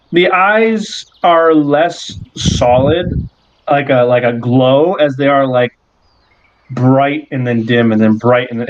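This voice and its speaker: A man running a tabletop game as game master, narrating scenes slowly and descriptively with pauses. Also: mid-range voice. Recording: dull lo-fi sound.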